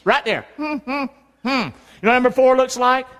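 A man's voice: very high-pitched, normal speed, a bit bright, lo-fi sound. A middle-aged male pastor preaching a sermon, leading the crowd in call-and-response and hand signs. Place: church sanctuary. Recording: long reverb in a large hall.

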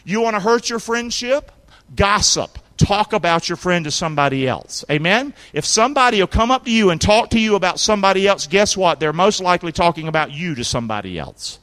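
A man preaching a sermon as a pastor, with emphatic call-and-response and sudden shouted lines for emphasis. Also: sits high, expressive, a little fast. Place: church sanctuary.

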